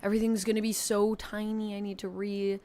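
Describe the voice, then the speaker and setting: Her delivery is flat and a little fast, with a mellow tone at medium pitch. A young woman from Canada with a slight Southern twang, she chats, rambles and teases herself on a live stream from her home desk mic.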